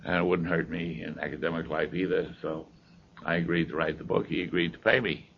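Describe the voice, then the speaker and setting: Older man, deep gravelly voice, dry wry storyteller. Dull lo-fi recording with faint hiss. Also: little pitch movement, brisk. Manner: wry, dry humor, conversational asides. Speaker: speaker sharing his recovery story. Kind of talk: humorous storytelling talk.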